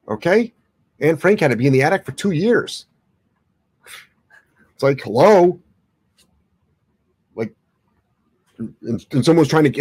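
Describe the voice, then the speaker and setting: A man's voice: fairly high pitch, darkish tone, husky, no echo. Blunt, no-nonsense male dog trainer. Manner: blunt, opinionated, swears casually. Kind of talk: live Q&A answering viewer questions.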